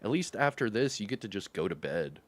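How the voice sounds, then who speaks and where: A man's voice: on the low side, big pitch swings, brisk. A man from Louisville hosting a gaming livestream, greeting his chat in an upbeat, slangy way and laughing often. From Louisville, Kentucky. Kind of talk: casual livestream chat with viewers.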